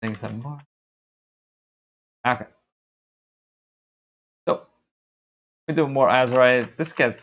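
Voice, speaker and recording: A man's voice: medium pitch, fairly even intonation, normal speed, pauses often. A man streaming a game, rambling casually and poking fun at his own voice. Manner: rambling, self-deprecating. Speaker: gaming streamer. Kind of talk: casual gameplay commentary. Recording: tinny phone-like sound.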